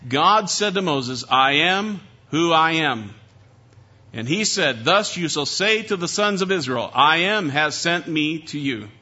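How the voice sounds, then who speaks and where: Man, preacher, bright forceful voice, slightly high, dull lo-fi recording. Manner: earnest, emphatic preaching with repeated phrases. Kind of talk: sermon.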